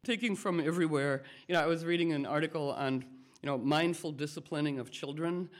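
Playful man with a higher voice. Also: brisk. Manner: playful, digressive, acts out quotes with lively voices. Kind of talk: rambling talk to a group.

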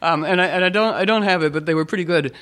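This man talks quickly in a high-pitched, somewhat bright voice. His informal talk rambles with fillers and restarts as he playfully tells anecdotes, performing the people he quotes.

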